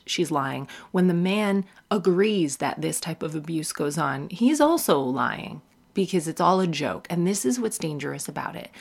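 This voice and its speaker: A woman's voice: on the low side, creaky, breathy edge. A woman stand-up comedian talking candidly and bluntly, swearing freely and mocking men in exaggerated put-on voices.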